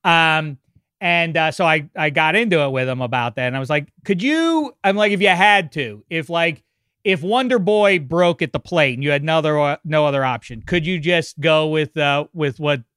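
A man co-hosting a podcast, telling a funny story in a quick, joking way. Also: a little high, a bit bright, clean tone, dry recording, clean studio sound. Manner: quick, joking, breaks into laughter. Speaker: podcast co-host. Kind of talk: casual chat.

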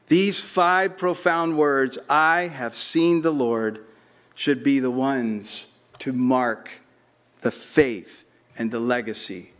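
A man preaching a sermon as a pastor, slowing down and pausing for emphasis and building to emphatic peaks. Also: mid-range voice, a bit bright.

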